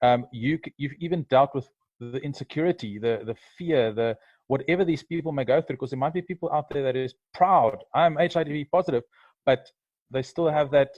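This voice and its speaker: A man's voice: medium pitch, brisk, darkish tone, no echo. A man co-hosts a video call interview and speaks thoughtfully, with many restarts. The audio is dry and dull. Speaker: co-host.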